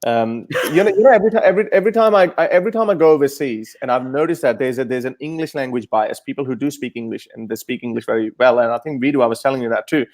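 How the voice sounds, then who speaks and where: A man in a casual panel discussion, telling stories in an animated way with many restarts and fillers. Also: medium pitch, very fast, few pauses.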